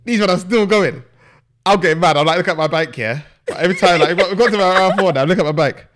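Young man, animated, laughing storyteller, fairly high voice. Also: fast. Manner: laughs through the story, animated slang-heavy telling. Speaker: podcast co-host. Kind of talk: casual storytelling.

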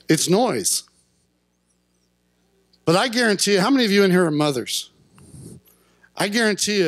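A male pastor preaching a sermon in church, speaking earnestly and building to impassioned shouts at his peaks. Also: sits high, no room sound. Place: church sanctuary.

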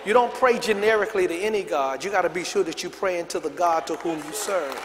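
A man with a high voice preaches to his congregation in a large church, swinging between booming emphasis and low, quiet stretches. He calls on the crowd to repeat his words and answer back. The sound carries a long hall reverb with a faint hum underneath. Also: a little fast. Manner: preaching with call-and-response to the congregation. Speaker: pastor. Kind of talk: sermon.

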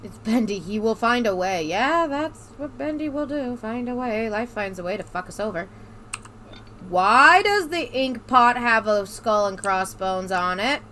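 A woman's voice: a little high, animated, unhurried, pushed and bright, a little hiss or hum. A woman playing a horror game and talking through her nerves, repeating to herself that everything is fine and swearing often. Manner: nervous self-reassuring chatter, swearing. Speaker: gamer. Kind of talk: let's play commentary.

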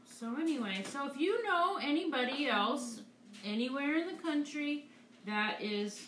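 A woman's voice: sits high, expressive, unhurried, fairly bright tone, roomy sound, slight background noise. A woman art teacher giving a live painting demonstration, upbeat and encouraging as she talks through each stroke. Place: art studio.

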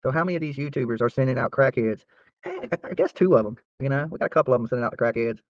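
A man's voice: mid-range voice, very fast, no room sound. A man hosting his channel, ranting casually to viewers in a boastful, profane, trash-talking way. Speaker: YouTube channel host. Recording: dry, slightly dull lo-fi sound.

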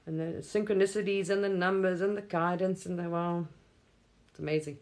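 Woman, spiritual stream host, effusive rambling talk, laughs a lot, lowish voice. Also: fairly even intonation, moderate pace, darkish tone. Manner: effusive, gushing, laughs often, swears casually.

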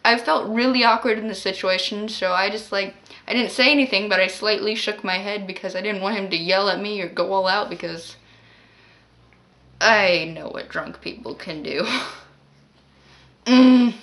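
A woman's voice: medium pitch, moderate pace, fairly bright tone. A woman telling a story to her vlog in a casual, rambling way, full of "like" and exasperated asides. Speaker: vlogger.

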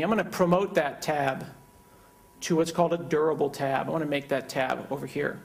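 A man giving a conference keynote and live software demo in a joking, conversational manner. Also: on the high side, brisk, creaky. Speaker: keynote speaker.

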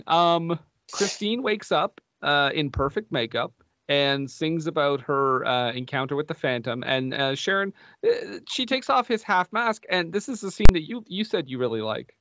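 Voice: medium pitch, lively intonation, moderate pace, fairly bright tone, dull audio. A podcast host recapping a film in casual chat, rambling with fillers and swearing.

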